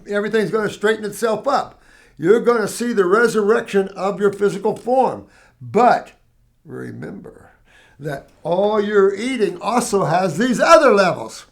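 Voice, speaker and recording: Older male host, higher register, casual rambling storyteller. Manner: rambling, animated storytelling with restarts and acted quotes. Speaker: herbal health show host answering questions. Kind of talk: casual Q&A talk.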